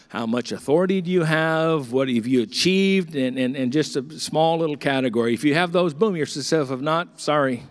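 A middle-aged man preaching a sermon as pastor, telling a story and acting out the dialogue with lively swings. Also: on the high side.

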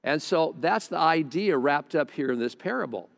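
A man preaching to a congregation in a large hall speaks at a moderate pace in a slightly high voice with vocal fry and lively intonation. His sermon is conversational, full of stammered restarts and side remarks, picked up by a close mic amid long church-hall reverb.

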